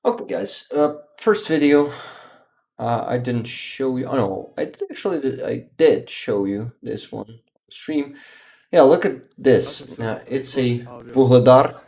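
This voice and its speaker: A man chats on his livestream, reading viewer comments aloud. His voice is gravelly with a mellow, relaxed tone. He talks slowly and often pauses to search for a word. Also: mid-range voice, a little hiss or hum. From Ukraine. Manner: unhurried, searches for words, laughs often. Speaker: livestream host.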